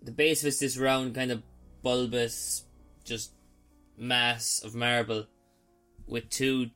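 A man's voice: mid-range voice, little pitch movement, slow pace, sharp tone, soft background music. A man playing a tabletop game, chatty and joking as he describes his character's actions. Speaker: player.

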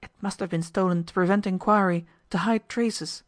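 Picture a fearless young American woman cross-examining a suspect in an old storybook, her questions cool and relentless, as a woman reader puts her on. She sits slightly higher than a plain reading voice and carries a firm, commanding edge. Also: fairly even intonation, moderate pace, lightly acted. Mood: pressing. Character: bold, determined young American woman interrogator.

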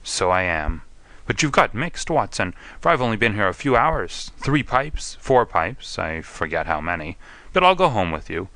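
A man's voice: fairly low pitch, sing-song, moderate pace, bright, forceful tone, no room sound, full character voice. A man voicing a haggard, befuddled young male opium addict, confused and pleading as if close to tears. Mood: dazed, pleading. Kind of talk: audiobook character reading.

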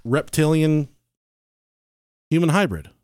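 A man hosting a podcast, telling a true-crime story in casual chat, animated and swearing freely. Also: a little high, takes it slowly, no room sound, studio quality. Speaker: podcast host.

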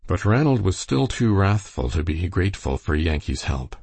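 Man, audiobook narrator, husky voice, dry close sound. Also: low voice, normal speed, no echo. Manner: steady storytelling. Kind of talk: reading a novel aloud.

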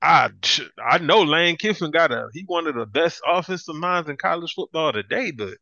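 A man co-hosting a sports podcast in casual chat, animated and ranting, often breaking into laughs. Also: fairly high pitch, moderate pace, creaky, no room sound. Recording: dull lo-fi dry sound.

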